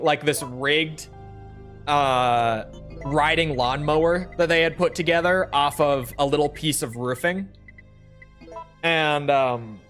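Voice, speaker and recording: A young Minnesotan man with a fairly high, slightly bright voice streams a game from his bedroom. Chatting casually with viewers as he plays, he rambles, cracks jokes, and uses profanity.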